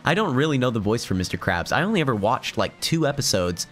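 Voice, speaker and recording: A hoarse man from Finland giving chatty, rambling gameplay commentary and laughing often. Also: medium pitch, very animated, quick pace, a bit bright, faint music behind. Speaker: let's play host.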